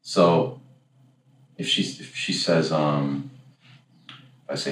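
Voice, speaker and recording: A man's voice: a bass voice, little pitch movement, takes it slowly, pauses often. A man coaching a class in a casual, rambling way, often correcting himself and acting out example lines. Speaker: dating coach. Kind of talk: casual workshop lecture. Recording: echoey room, far from the mic, faint background noise.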